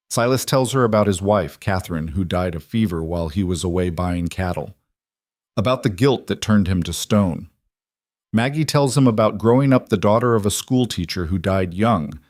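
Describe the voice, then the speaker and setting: A man narrating a scripted western story in a dramatic, measured way. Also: fairly low pitch, darkish tone, no room sound, studio quality.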